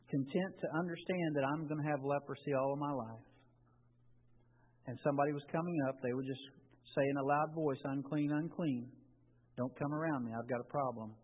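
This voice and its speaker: A man's voice: fairly high pitch, breathy edge. A man preaching a sermon in a conversational way, often restarting his phrases. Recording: tinny, phone-like with long reverb.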